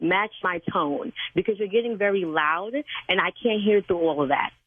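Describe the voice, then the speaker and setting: A woman's voice: medium pitch, brisk, breathy edge, no echo. An older woman who serves as a church sign language interpreter, talking on a phone call in a stern, proper, scolding way. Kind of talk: phone call with a prank caller. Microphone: telephone. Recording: tinny phone line.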